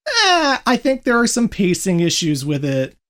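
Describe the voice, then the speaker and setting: A podcast host in casual gaming chat, jokey and quick to laugh. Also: medium pitch, wildly swooping pitch, a bit bright.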